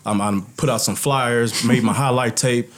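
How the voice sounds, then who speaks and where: A man's voice: medium pitch, moderate pace. A man who played pro football tells his own life story in casual chat and acts out what others said. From United States. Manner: animated storyteller, acts out quotes. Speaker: guest, former NFL player.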